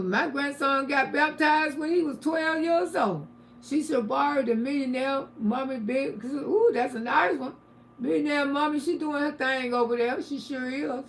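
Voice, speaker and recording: An older woman holds forth on a livestream, reading chat and preaching her views bluntly. Her voice sits high and has a gravelly rasp. She often swells from a low mutter into loud shouting. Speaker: livestream host.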